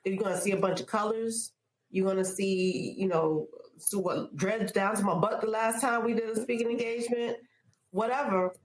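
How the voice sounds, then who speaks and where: A woman's voice: medium pitch, fairly even intonation, normal speed. A woman speaker on a podcast panel, talking in an emphatic, playful way. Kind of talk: casual panel chat. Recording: roomy echo.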